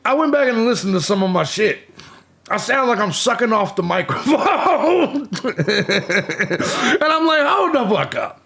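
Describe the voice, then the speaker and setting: A loud man hosting a casual live stream, with a voice pitched high for a man and a gravelly fry. He swears freely and greets viewers in the chat by name. His breathing is audible, and his desk mic sits a little back from his mouth. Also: very animated, measured pace. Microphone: desk mic pushed back from the mouth.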